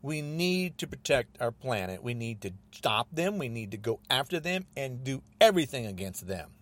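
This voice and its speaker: An angry man hosting his own podcast, ranting about politics in an agitated, repetitive way, often rising almost to a shout. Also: mid-range voice, big pitch swings, moderate pace. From United States. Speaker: podcast host.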